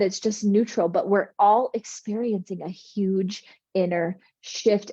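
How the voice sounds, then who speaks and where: A woman's voice: mid-range voice, mellow, dry recording, highs cut off. A middle-aged woman giving a motivational spiritual talk in an earnest, reassuring, soothing way. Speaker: spiritual coach.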